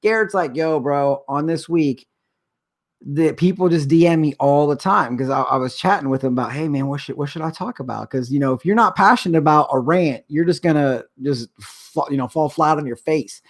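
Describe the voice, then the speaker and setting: A man's voice: a little high, moderate pace. A middle-aged man hosting a live stream, ranting in an agitated, rambling way. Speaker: show host. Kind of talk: casual live-stream rant.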